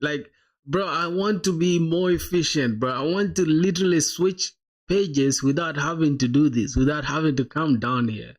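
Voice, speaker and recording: A man's voice: on the high side, moderate pace. A man live-streaming his coding, thinking aloud in casual chat, laughing often and calling viewers "bro".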